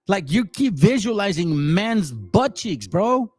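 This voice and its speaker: A man's voice: sits high, sing-song, takes it slowly, breathy edge. A man in his forties ranting as channel host, confrontational and slangy. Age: 40s. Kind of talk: heated rant to a commenter.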